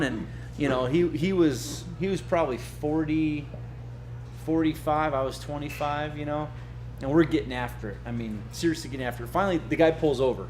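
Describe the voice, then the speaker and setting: A man's voice: a little high, brisk, a little mellow. A man from Arizona telling a rambling, profane story at a birthday gathering, laughing often and restarting his sentences. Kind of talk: casual storytelling.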